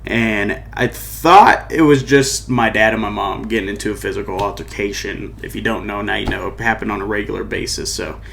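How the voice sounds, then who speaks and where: A man's voice: fairly low pitch, moderate pace, vocal fry, hardly any pauses, noisy background. A young man hosting his own podcast, telling a personal story in a loose, rambling way, full of "like" and "you know what I mean". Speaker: podcast host and musician.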